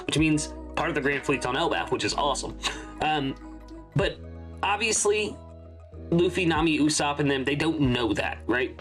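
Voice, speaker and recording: A man's voice: on the high side, a bit bright. A young man hosting a casual manga reaction, talking in a chatty, rambling way and often correcting himself mid-sentence. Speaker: channel host.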